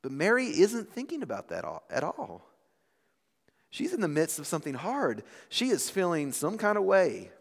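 A man in his thirties delivers a sermon from the pulpit, his slightly high voice rising and falling with lively, animated intonation. He swings from full-voiced emphasis down to near-hushed moments. His words ring out with a long reverb, as in a large hall. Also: normal speed, gravelly. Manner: expressive preaching with dramatic swings in volume. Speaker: pastor.

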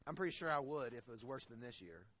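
A male pastor preaching a sermon. He reads scripture slowly and deliberately, then tells stories in a conversational way, often restarting his sentences. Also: mid-range voice, animated, a bit bright. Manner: conversational storytelling with frequent restarts.

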